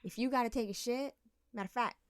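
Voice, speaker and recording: A woman's voice: fairly high pitch, fast talker, clear, resonant tone, no echo, clean studio sound. A woman co-hosting a podcast in casual chat, telling frank, profane stories and acting out the people in them. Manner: frank, profane storytelling with animated quoted voices. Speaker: podcast co-host.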